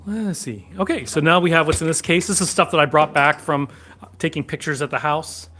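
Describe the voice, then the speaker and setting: He talks a little fast, with a fairly high pitch. Relaxed and rambling, he hosts a sword shop livestream in a back room, chatting and replying to viewer questions from chat.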